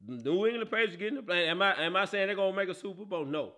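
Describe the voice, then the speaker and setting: A man's voice: high-pitched, racing. A man hosting a casual sports talk show, laughing often and teasing. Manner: laughs a lot, animated and teasing.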